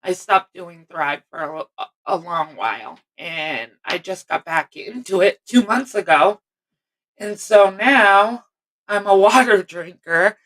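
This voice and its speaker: A woman's voice: on the low side, a bit bright. A middle-aged woman chatting casually on a live stream, greeting viewers by name and rambling as she interrupts herself.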